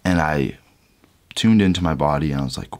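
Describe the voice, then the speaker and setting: A young man casually and candidly recounting a personal story as a vlogger, his voice trailing softer at the ends of sentences. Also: rumbling low, brisk. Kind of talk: reflective storytelling.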